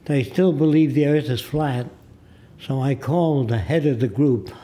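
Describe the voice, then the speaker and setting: Very old guy, 90s, telling stories in a studio interview, acts out the people in them, warm low voice. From United States. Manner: deliberate storyteller who acts out the people in his stories. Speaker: guest.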